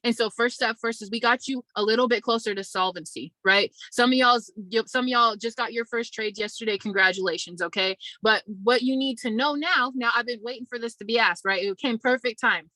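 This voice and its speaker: Young woman host, bright and chatty, giving a testimonial in a dry room. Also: a little high, a little fast, few pauses, no room sound, low-quality recording. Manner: chatty, testimonial, addresses viewers as y'all. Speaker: online business community host. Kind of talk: casual motivational talk to viewers.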